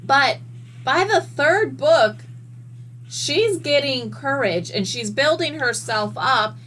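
A woman guest in a casual podcast chat, telling stories in an animated way and swearing freely. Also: high voice, takes it slowly, a little hiss or hum, poor audio. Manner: animated, profane storyteller.

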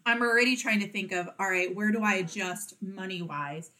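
A woman's voice: mid-range voice, moderate pace, pushed and bright. A woman co-hosting a podcast in casual chat, blunt and teasing, swearing freely. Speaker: podcast co-host.

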